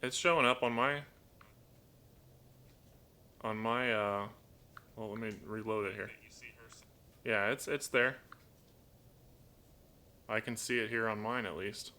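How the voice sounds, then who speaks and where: Man, live-stream host, low voice, crisp bright tone, rambling casual chat, reads comments, coos at his pet bird. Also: slow pace, pauses often. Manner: chatty and rambling, reads donor comments aloud, talks softly to his bird. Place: at home indoors.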